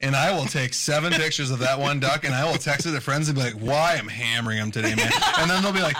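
A man chatting as a guest on a radio show, telling stories in an animated, joking way. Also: on the high side, quick pace, heavy background noise. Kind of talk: casual radio chat.

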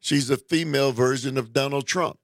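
Guy going off on a politician, slow and gravelly, dry close sound. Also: mid-range voice, fairly bright tone, no echo. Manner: indignant, deliberate, with frequent restarts. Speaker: political commentator. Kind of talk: opinion monologue; reading a news report aloud.

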